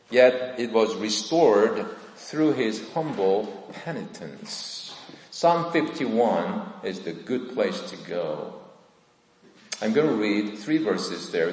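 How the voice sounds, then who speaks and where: A man preaching a sermon in church, earnest and deliberate, with emphatic rises on key points. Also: on the low side, a little mellow. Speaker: pastor. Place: church sanctuary. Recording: echoey church hall.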